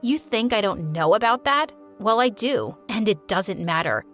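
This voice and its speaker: A scornful younger sister with a cold, dismissive bite, voiced low against the narrator's usual register, as a woman puts her on. Soft music plays faintly underneath. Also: expressive, normal speed, lightly acted.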